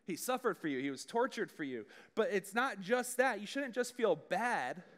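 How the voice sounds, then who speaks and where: A man's voice: high voice, lively intonation, normal speed, a bit bright. A man preaching a youth sermon, talking conversationally and addressing the room directly. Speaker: youth pastor.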